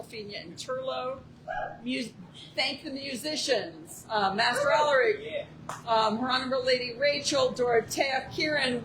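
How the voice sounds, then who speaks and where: A woman reading a list of thanks at a court ceremony, pausing often with fillers. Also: on the high side, background noise. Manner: halting, with many fillers. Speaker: court herald.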